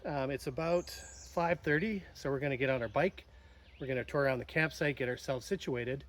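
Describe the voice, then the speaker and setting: A man's voice: medium pitch, a little fast, a bit bright, slight background noise. Chatty man vlogging at camp. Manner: chatty, addresses viewers as gang, many uh fillers. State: a little out of breath. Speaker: outdoor vlogger. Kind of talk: casual camping vlog. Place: outdoors at a lakeside campsite.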